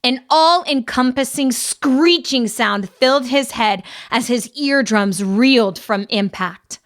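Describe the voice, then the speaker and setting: A woman narrating a young adult fantasy audiobook in an even, measured reading. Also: fairly high pitch. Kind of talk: scripted narration.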